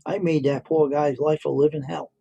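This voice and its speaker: A man's voice: fairly high pitch, steady tone, normal speed, gravelly, dark tone, husky, muffled recording. A middle-aged man hosting a livestream, telling rambling stories and repeating himself. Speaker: livestream host. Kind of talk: casual storytelling.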